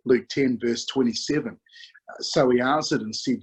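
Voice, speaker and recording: A man's voice: mid-range voice, normal speed, breathy edge, lo-fi sound. A man from New Zealand with a New Zealand accent, preaching a chatty, story-led sermon full of 'you know' fillers. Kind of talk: conversational sermon.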